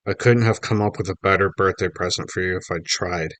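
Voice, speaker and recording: A man voicing an excitable middle-aged reporter dad, eager and teasing, bubbling over with news. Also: low voice, brisk, no echo. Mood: excited.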